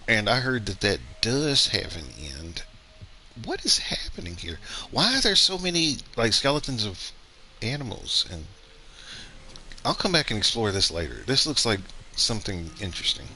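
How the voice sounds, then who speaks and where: Male streamer, lowish pitch with a bright, forceful edge; casual rambling play-along commentary. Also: sing-song, moderate pace, slight background noise. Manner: rambling, thinks aloud with fillers and restarts. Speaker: gaming streamer.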